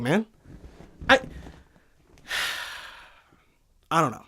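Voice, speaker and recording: A young man hosting a podcast from a studio, telling a profane, animated comic rant full of swearing. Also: high-pitched, unhurried, pauses often. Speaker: podcast host.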